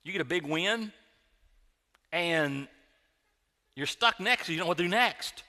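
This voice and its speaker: A man's voice: high voice, lively intonation, measured pace, bright, forceful tone. A middle-aged man preaching a sermon in a church, telling a personal story in a conversational way with frequent restarts. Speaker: pastor. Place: church sanctuary. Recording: long hall reverb.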